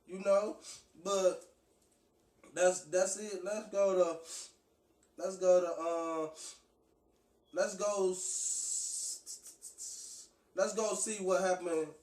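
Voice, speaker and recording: High-pitched guy preaching, lots of restarts, echoey and far from the mic. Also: slow, pauses often, darkish tone. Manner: loose, conversational preaching with many restarts and fillers. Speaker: street preacher. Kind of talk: preaching and reading scripture.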